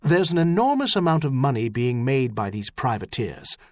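A man's voice: medium pitch, very animated, normal speed, a little mellow, no echo, studio quality, natural voice. A man reading an audiobook, voicing an anxious, angry official who insists on a worry. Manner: worried, insistent. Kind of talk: audiobook character voice.

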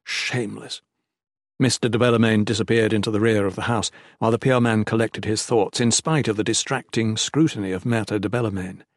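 A man's voice: on the low side, steady tone, no echo. Man reading an audiobook in a dry studio. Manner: measured, descriptive. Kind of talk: audiobook narration.

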